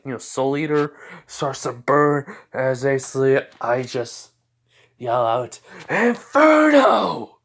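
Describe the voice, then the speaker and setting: A tired man improvising a fan fiction story aloud, rambling with lots of fillers and occasional stutters. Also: mid-range voice.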